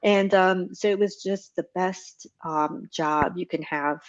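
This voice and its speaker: Middle-aged woman, low voice, rambling storyteller, many ums, muffled lo-fi sound. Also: fairly even intonation, a little slow. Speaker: guest, retired Navy chief petty officer. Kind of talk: relaxed storytelling interview. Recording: muffled lo-fi audio.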